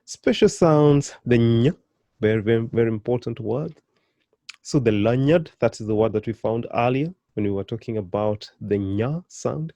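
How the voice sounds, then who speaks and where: A man leads a beginner lesson with a mellow, dark voice, recorded close and dry. He repeats each word slowly for learners to copy and cheers them on, his pitch and volume leaping up now and then. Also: no room sound. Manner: animated, with sudden jumps in pitch and volume. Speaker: language teacher.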